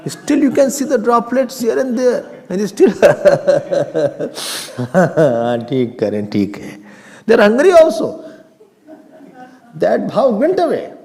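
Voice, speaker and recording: A man, a swami, giving a humorous, animated Vedanta class, mixing Hindi into his English and chanting Sanskrit verses. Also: high-pitched, moderate pace, gravelly, long pauses. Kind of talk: scripture class lecture. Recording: reverberant hall.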